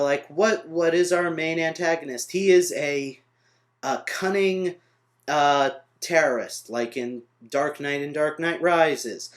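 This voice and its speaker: A young man ranting in an unscripted vlog review, rambling off on tangents and correcting himself as he goes. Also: on the high side. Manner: rambling, trails off on tangents, frustrated. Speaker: vlogger reviewing a film. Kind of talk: off-the-cuff vlog rant.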